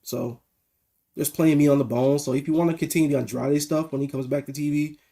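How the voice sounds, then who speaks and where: A man co-hosting a casual wrestling review podcast over a video call, animated and swearing freely. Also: a little high, vocal fry. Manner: animated, swearing, quick asides. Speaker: podcast co-host.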